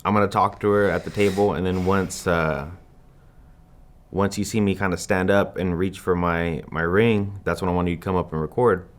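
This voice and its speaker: A man's voice: low-pitched, fairly even intonation, moderate pace. A young adult man in a studio interview, talking in an easygoing way and laughing along. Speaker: groom-to-be in an interview. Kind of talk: casual interview chat. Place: video studio.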